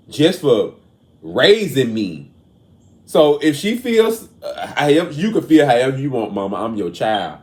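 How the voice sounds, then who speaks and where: A man hosting a casual commentary show, earnest and emotional, moving between raised and quiet talk. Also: mid-range voice, sing-song, a little slow. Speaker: show host. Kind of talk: casual commentary on celebrity news.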